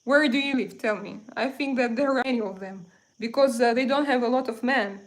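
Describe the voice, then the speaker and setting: A woman in her thirties with a Russian accent hosts a casual livestream and chats straight to her viewers. Her voice sits a little high, and she talks in a loose, conversational way. She reads comments aloud and is quick to get heated. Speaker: livestream host.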